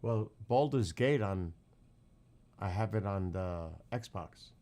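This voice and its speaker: Middle-aged male stream host, lowish voice, profane and easygoing. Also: lively intonation, slow, dark tone. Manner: loose, profane storytelling. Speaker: livestream host. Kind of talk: casual livestream chat.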